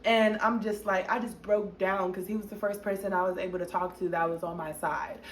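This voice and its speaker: A young woman vlogger telling a storytime in an animated, expressive way, with many fillers. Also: mid-range voice, fairly quick. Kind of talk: storytime narration. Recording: echoey room with faint noise.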